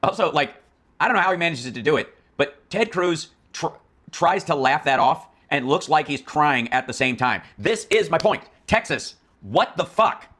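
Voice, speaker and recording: A man with a fairly high, bright and forceful voice rants through political commentary. He mocks and swears freely and sounds exasperated. He rambles, restarts and trails off into asides as he talks. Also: animated, moderate pace. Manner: profane, mocking, exasperated.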